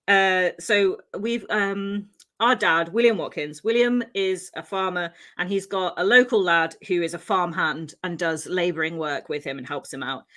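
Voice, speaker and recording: A woman's voice: on the low side, a bit bright. Chatty woman telling a case. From Wales. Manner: chatty and laughing easily, with many ums. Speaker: podcast co-host telling the case. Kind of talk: casual true-crime storytelling.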